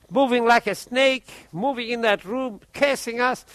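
High-pitched guy preaching, animated storyteller, repeats words a lot. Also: a little slow, dry recording. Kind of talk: sermon testimony storytelling.

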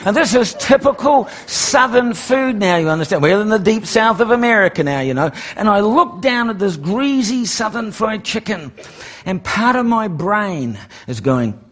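Picture a middle-aged preacher with a fairly high voice, telling a personal testimony. He repeats phrases and builds to excited emphasis, full of animated storytelling. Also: normal speed.

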